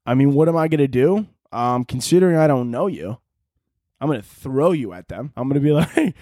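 A man doing a crude, rambling comedy monologue as a podcast host, now and then shouting out other people's lines. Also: on the high side, expressive, quick pace, no echo, clean studio sound. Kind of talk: comedic monologue answering listener questions.

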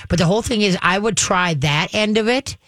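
A woman's voice: mid-range voice, a little fast, fairly bright tone, dry recording. Chatty folksy woman radio host. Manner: folksy, chatty, many fillers. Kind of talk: call-in advice chat.

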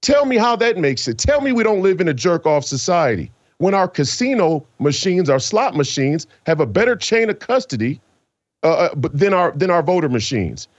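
A man's voice: on the high side, very animated, no echo, highs cut off. A man giving impassioned political commentary as a guest, emphatic and fired up. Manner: fired up, emphatic, dramatic pauses.

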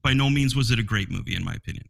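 A man reviewing a movie on a podcast panel, excitable, often laughing and repeating words as he goes. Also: lowish voice, racing, gravelly. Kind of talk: casual panel chat.

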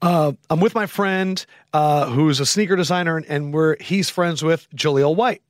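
Podcast guy in his 30s, kinda high voice, tells stories animated, swears a lot, dry close mic. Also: normal speed, dry recording. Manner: animated storyteller, acts out quoted voices, swears casually. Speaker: podcast host. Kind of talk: casual storytelling chat.

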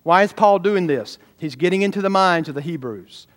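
A man's voice: high voice, animated, a little fast. A man, a pastor, preaching a sermon emphatically and often calling out questions to his congregation.

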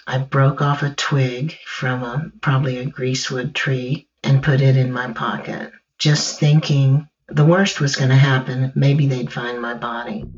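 A woman recounting her own ordeal in the first person, slow and measured, halting in places. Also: a bass voice, level tone. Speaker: survivor telling her story. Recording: dull distant recording with faint music.

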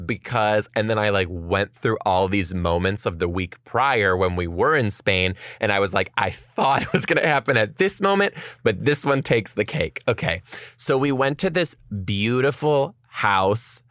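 A woman's voice: very deep voice, normal speed, dry recording, studio quality. A young woman podcast host telling a story in casual chat, acting out what people said and swearing freely. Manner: animated storytelling, acts out quotes, swears.

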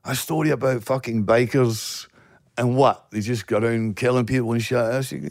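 Man, Glasgow accent, gravelly voice, dry close mic, sweary storytelling. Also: medium pitch, fairly even intonation, normal speed, darkish tone, dry recording. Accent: Scottish, Glasgow. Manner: swears a lot, blunt storytelling. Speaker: guest actor. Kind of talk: casual podcast chat.

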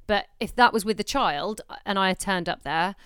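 A young woman from England talks in relaxed podcast chat, reassuring her co-host and tossing in quick asides. Her voice is smooth and clear at a middle pitch, recorded close and dry. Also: no room sound. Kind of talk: casual chat.

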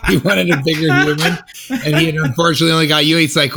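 A man co-hosting a casual podcast, riffing with quick joking interjections on his partner's story. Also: a little high, level tone, gravelly, background noise. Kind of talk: casual banter.

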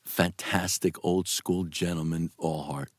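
A man's voice: deep voice, steady tone, measured pace, dry recording, clean studio sound. A man, an actor being interviewed, telling a long rambling story with swearing and frequent laughter. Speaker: actor guest.

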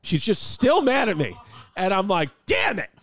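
A man's voice: high-pitched, big pitch swings, moderate pace, no echo. A man in his thirties hosting a casual podcast from home, rambling and joking with plenty of swearing. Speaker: podcast host and comedian. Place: home apartment.

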